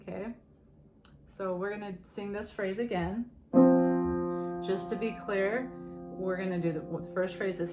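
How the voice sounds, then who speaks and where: Loud music plays beneath a woman whose medium-pitched voice stays steady, moving a little slowly with long pauses. She teaches singing in a relaxed, supportive manner, often breaking into short hymn lines as sung examples.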